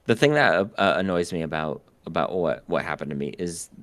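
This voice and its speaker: A deep-voiced man from the northern United States tells a story on a podcast, casual and profane. His voice sounds close and dry, with no room around it. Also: a little fast, dry recording. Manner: animated, profane, laughing storyteller. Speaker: podcast co-host.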